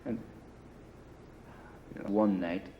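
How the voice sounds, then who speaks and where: A man being interviewed tells a rambling, profane war story in a grungy apartment, speaking slowly in a low voice with little pitch movement. He leans on "you know" and "right," and the dull lo-fi 1980 film recording carries slight hiss or hum.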